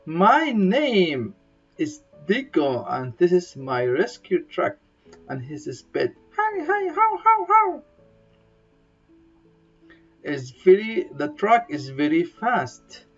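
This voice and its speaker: A woman slowly reads a bedtime story aloud in simple, broken English, her voice sing-song and slightly rough. She plays the characters with high squeals and playful sound effects. The recording is dull and lo-fi, with faint guitar music behind her.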